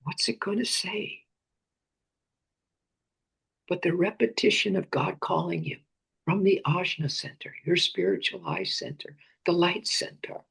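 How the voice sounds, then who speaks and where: A man leads a guided meditation in a slow, unhurried voice with a gravelly, very husky texture. He often sinks into breathy whispers and softly repeats phrases and names. His pitch sits a little high for a man. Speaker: meditation teacher.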